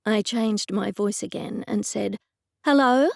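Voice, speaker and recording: A woman reads a first-person audiobook with a fairly high voice and a gravelly edge of fry. She tells the story in a dry, exasperated manner, and the sound is close and dry, with no room around her. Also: moderate pace, dark tone, no echo. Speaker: audiobook narrator. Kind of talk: scripted first-person narration.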